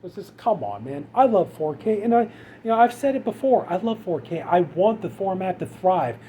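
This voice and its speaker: A man's voice: high voice, sing-song, moderate pace, warm tone, slight background noise. A man hosting a casual vlog who rambles with many fillers and sounds exasperated as he rants. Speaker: channel host.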